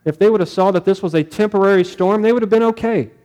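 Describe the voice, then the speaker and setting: Guy pastor preaching, kinda high voice, chatty, keeps asking the crowd stuff. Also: quick pace, warm tone. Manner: conversational preaching with questions to the congregation. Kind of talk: sermon.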